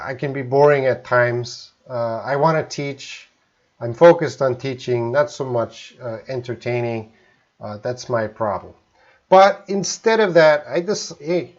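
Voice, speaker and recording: A Canadian man teaching English in a live stream, relaxed, explaining slowly with simple examples. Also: mid-range voice, highs cut off.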